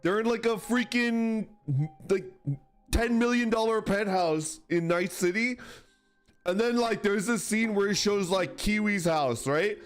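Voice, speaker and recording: A man streaming, chatting casually with viewers, rambling and swearing through animated rants. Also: sits high, measured pace, clear, resonant tone, soft background music. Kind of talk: casual chat reacting to viewers.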